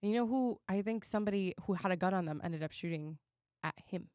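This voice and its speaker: A woman's voice: mid-range voice, fast talker, clean tone, no room sound, clean studio sound. A young woman co-hosting a podcast in casual chat, telling stories with lots of swearing and laughter. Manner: animated, swearing, laughing storyteller. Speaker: podcast co-host.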